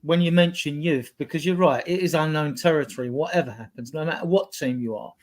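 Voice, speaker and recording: A man with a somewhat high voice talks football in a casual podcast chat. He is blunt and animated, backing up his points with a run of examples. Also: brisk. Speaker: football fan pundit.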